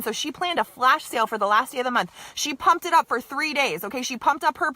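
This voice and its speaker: A woman's voice: high voice, animated, fast, few pauses, sharp tone, no room sound. A young woman leading a sales team, giving an emphatic, repetitive motivational pep talk on a live stream to her viewers. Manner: emphatic, repetitive, keeps saying "you guys" and "okay".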